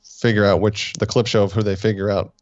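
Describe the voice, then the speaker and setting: A man's voice: fairly low pitch, flat delivery, a little fast, a little mellow, dry recording, highs cut off. A man co-hosting a fan review podcast, chatting casually in a laid-back, teasing way. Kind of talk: casual chat.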